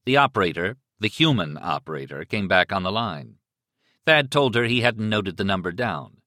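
A male audiobook narrator reads with a dramatic, expressive delivery and a low voice that rises and falls widely. His tone is bright and forward, and the recording is dry and close with no room sound. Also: moderate pace, no room sound. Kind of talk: scripted narration.

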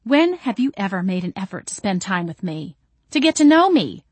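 A woman voicing a furious older sister who yells and sneers accusations in a storybook reading. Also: medium pitch, very animated, normal speed, slightly rough, dry recording. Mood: hurt, mocking. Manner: yelling, sneering.

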